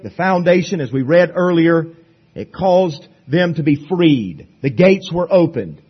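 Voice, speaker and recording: A male pastor preaching a sermon at a church service, emphatic, swinging between loud declarations and hushed asides. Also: fairly high pitch, expressive, normal speed, husky, muffled recording.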